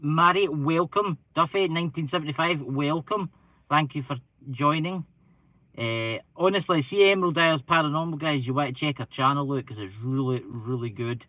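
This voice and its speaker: Speaking at a moderate pace in a higher voice, a Scottish man rambles casually and self-deprecatingly on his paranormal live stream, a bit stuffed up from hay fever. With no echo, his computer mic audio comes across dry and tinny, like a phone.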